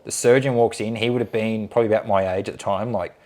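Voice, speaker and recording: A man in his late thirties, a podcast guest telling a story in casual chat, animated and swearing freely. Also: lowish voice, quick pace. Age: late 30s. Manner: animated, swears freely, acts out others' lines.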